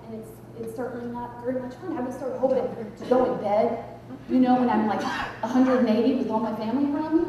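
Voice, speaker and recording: A woman's voice: a little high, brisk, a crowd in the background. A woman speaker telling a dramatic, humorous story to a conference audience. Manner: lively, dramatic, animated. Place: large conference hall. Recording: echoey hall, distant mic, background noise.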